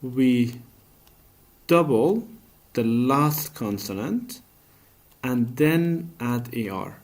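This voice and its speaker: Male teacher, patient classroom voice, unhurried, asks and answers his own questions. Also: medium pitch, animated, a little mellow. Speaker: English teacher. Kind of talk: classroom grammar lesson.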